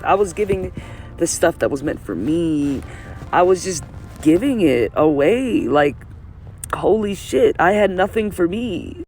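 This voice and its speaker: A man's voice: fairly high pitch, a little mellow. A man giving a candid, emphatic personal monologue to camera, repeating phrases and swearing freely. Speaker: vlogger.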